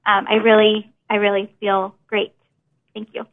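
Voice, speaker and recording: A woman's voice: medium pitch, monotone, unhurried. A woman employee working from home, speaking earnestly to a board meeting, with frequent ums. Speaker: customer service employee. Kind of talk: casual remarks at a remote board meeting. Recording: phone-like audio from a remote meeting.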